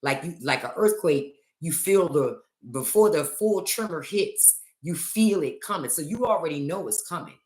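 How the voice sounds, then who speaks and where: With a deep, slightly mellow voice and lively intonation, a middle-aged woman talks at normal speed with hardly any pauses. She hosts a casual livestream chat into a phone from an echoey room, joking and storytelling with theatrical flair.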